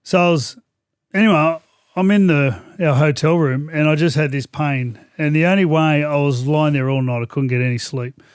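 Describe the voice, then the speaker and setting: A middle-aged man with an Australian accent, talking footy in a relaxed, chatty way with a slightly higher voice. He tells stories with animation, and the sound is close and dry. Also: moderate pace, smooth, dry recording. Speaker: former rugby league player, guest co-host. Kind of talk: casual chat.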